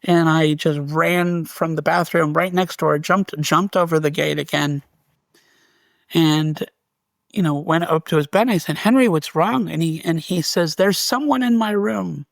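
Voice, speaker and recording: A man, a guest on an interview show, telling a story in an animated way and acting out what was said. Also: fairly high pitch, a little slow, vocal fry, no room sound. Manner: animated, restarts and reenacts dialogue. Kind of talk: storytelling in conversation.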